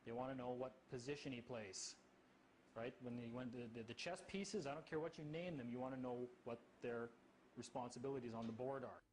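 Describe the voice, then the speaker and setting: A man telling a story in casual talk, anecdotal and halting, with many fillers. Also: medium pitch, darkish tone, a little hiss or hum, rough recording.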